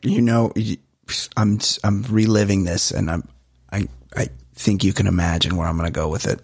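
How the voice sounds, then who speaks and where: A man co-hosting a podcast, telling stories in casual chat with animated, exasperated swearing. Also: deep voice, moderate pace, breathy edge, dry recording, clean studio sound. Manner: animated, profane, exasperated storytelling. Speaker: podcast co-host.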